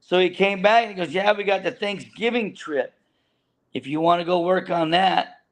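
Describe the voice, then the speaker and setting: A man's voice: high-pitched, normal speed. A man telling a long, rambling story about his fishing boat days, full of restarts and laughter. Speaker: guest, veteran fishing boat deckhand. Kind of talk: casual storytelling chat.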